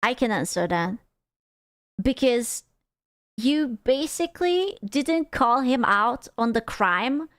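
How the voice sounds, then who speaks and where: A woman's voice: a little high, dry recording, studio quality. A woman from Europe streaming a casual reaction, talking bluntly, swearing and joking sarcastically.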